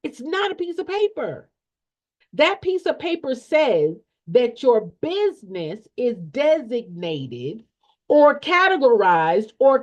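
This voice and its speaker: A woman coaching an audience on nonprofit funding, blunt and preachy, who repeats her points and asks rhetorical questions in folksy, slangy talk. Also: a little high. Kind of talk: emphatic motivational teaching. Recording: dull lo-fi sound.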